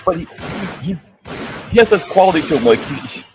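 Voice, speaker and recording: Rambling middle-aged man with lively tone. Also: high-pitched, a little fast, music in the background. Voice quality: rambling, heavy on fillers, laughing agreement. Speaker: podcast co-host. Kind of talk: casual chat.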